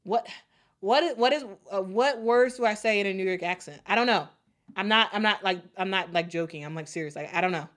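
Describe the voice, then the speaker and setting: A young woman with a Chicago accent hosting a casual sports livestream, talking in a halting way with lots of fillers and restarts. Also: mid-range voice, fairly bright tone. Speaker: sports show host. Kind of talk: casual livestream chat reading super chats.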